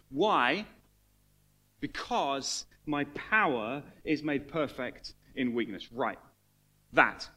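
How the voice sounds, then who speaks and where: A man preaching a sermon as pastor, animated and swinging between hushed, intimate lines and loud emphatic ones, acting out the voices he quotes. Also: medium pitch.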